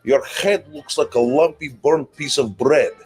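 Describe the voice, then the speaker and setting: A scornful, arrogant comic-book tyrant, as a man acts him out, hurling insults and grand boasts in a fan-made dub. The voice has a husky, breathy edge at a middle pitch. Faint music plays under the clip. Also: measured pace, darkish tone.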